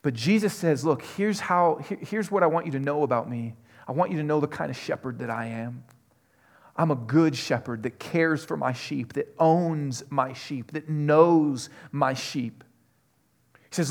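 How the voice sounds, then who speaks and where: A man's voice: on the high side, a little slow. Earnest man preaching a sermon. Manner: earnest, builds from quiet questions to loud emphatic passages. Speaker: pastor.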